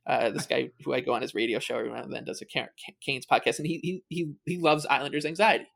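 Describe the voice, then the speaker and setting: A man's voice: medium pitch, fairly even intonation, fast, creaky, a bit bright. A man co-hosting a casual sports podcast, rambling with many fillers and restarts. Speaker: podcast co-host.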